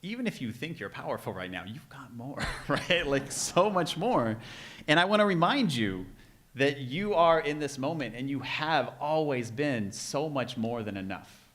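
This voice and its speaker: Speaking at normal speed with big pitch swings, this man has a mid-range, fairly bright voice. He serves as speaker and emcee at an event, delivering an earnest, chatty speech with jokes before a live audience in a room, frequently amused by his own remarks.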